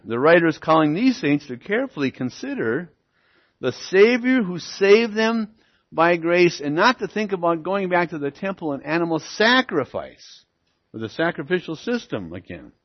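Guy preaching a bible study sermon, kinda high voice, dull lo-fi church recording, keeps saying okay? see?. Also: very animated. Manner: teaching, asks the congregation "okay?" and "see?"; slows and stresses key words. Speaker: pastor.

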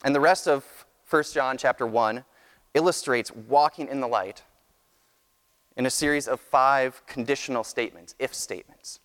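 A man's voice: medium pitch, a bit bright. Earnest preacher man in a reverberant hall. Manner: measured, earnest teaching with frequent restarts. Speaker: pastor. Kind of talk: sermon.

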